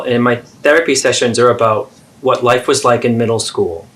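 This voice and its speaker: Earnest guy doing a therapy role-play, steady mid-pitch, pleading. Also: moderate pace, few pauses. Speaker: therapist and video host.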